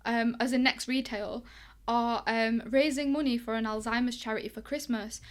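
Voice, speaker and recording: With a fairly high voice at a moderate pace, the young English guest, a boxing coach, recounts stories in a casual interview. She's animated and conversational and brings quoted dialogue to life by acting it out.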